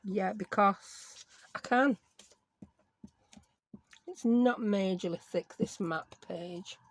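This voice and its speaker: A woman's voice: mid-range voice, slow, a little hiss or hum. A middle-aged woman with a Yorkshire accent, chatting and rambling casually as she crafts on her own channel, self-mocking and talkative. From Yorkshire, England.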